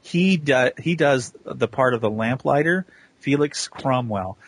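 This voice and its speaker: A man's voice: mid-range voice, lively intonation, unhurried, no room sound. A man hosting a podcast, chatting enthusiastically and rambling, laughing often. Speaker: podcast host. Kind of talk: casual chat.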